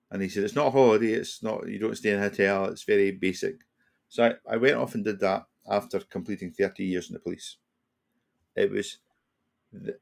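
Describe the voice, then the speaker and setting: A man's voice: fairly low pitch, gravelly. A Scottish man in his sixties, a retired police officer, telling a reflective story as a podcast guest, often restarting and slipping into quoted dialogue. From Scotland. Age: 60s.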